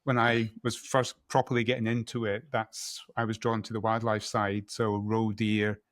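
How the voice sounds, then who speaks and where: In this studio-quality, echo-free clip, the middle-aged Scotsman speaks in a fairly low monotone at a moderate pace. A photographer guesting on a casual interview, he often fixes his own words with a laugh.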